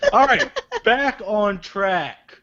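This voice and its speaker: A man co-hosting a podcast in casual, joking chat, with loud bursts of laughter. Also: high voice, vocal fry. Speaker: podcast co-host. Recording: dry, slightly dull podcast audio.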